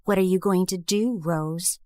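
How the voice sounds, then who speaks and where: A woman acts out a spiteful young woman in an animated story, her very high, bright voice leaping all over with sneering contempt. She spits out venomous insults. The sound is close and dry. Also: measured pace, no echo, heavily acted. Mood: cold. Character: bitter, cruel young woman, scornful and accusing.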